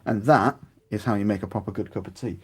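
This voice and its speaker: A British man with a husky voice chats casually while painting miniatures, rambling and growing animated. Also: fairly low pitch, quick pace. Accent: British English. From United Kingdom. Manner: rambling, chatty, grows animated.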